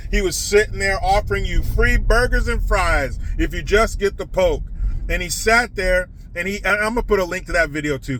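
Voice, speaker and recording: A man delivers a sarcastic, scornful political rant from inside a car. His voice sits high and sounds bright and forceful, and the whole delivery is mocking. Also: a little hiss or hum. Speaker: political commentator.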